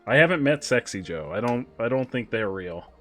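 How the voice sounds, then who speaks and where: Man, streamer, casual gameplay chat, excitable, quick asides, faint game music behind. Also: mid-range voice.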